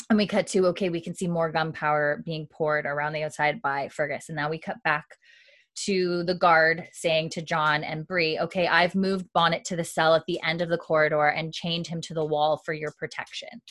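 Low-pitched woman recapping casually. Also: no echo. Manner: retells scenes with many likes and ums, quoting lines in a low, quiet voice. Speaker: podcast co-host recapping a TV episode.

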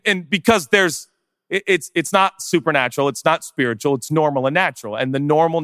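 A pastor preaching on stage, impassioned, dropping to a hush and then rising loud, firing off rhetorical questions. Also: male voice, on the high side, no echo, clean studio sound, long reverb tail. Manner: impassioned, swinging between hushed and loud; rapid-fire rhetorical questions. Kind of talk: sermon. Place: on stage in a large hall.

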